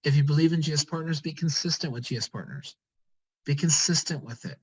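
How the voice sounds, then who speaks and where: A man's voice: on the high side, fairly quick, breathy edge, low-quality recording. A man leading a motivational pep talk on a group call, urging his team on with short, repeated commands. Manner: energetic, repetitive, urging listeners with short commands. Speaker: team leader on a network-marketing call.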